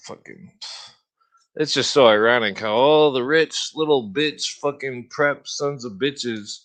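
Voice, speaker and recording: A man hosting a podcast in a rambling, profane solo rant, heavy on filler words and throat-clearing. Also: medium pitch, a bit bright. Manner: mocking sneer when imitating opponents. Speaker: podcast host.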